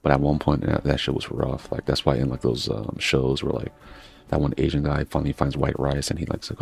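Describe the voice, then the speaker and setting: A man with a very low, gravelly voice talks in a loose, meandering way as he plays. He swears freely and drifts from story to story. His voice is husky, and soft game music plays faintly behind him. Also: level tone, a little fast. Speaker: gaming streamer. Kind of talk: casual rambling chat while playing.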